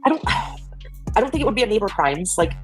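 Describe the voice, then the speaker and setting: Woman, livestream panel, defensive, upset, fast talker, faint music. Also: medium pitch, sing-song. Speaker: livestream guest.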